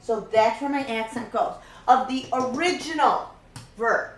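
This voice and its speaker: A woman's voice: a little high, measured pace, roomy sound, poor audio. A woman teaching a Spanish grammar lesson, patiently walking through each step and repeating key points.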